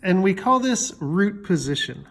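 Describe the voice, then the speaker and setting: A man's voice: high voice, big pitch swings, measured pace, gravelly, a bit bright. A man teaching music theory in a loose, chatty way, with fillers and jokey asides. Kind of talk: casual explanatory lesson.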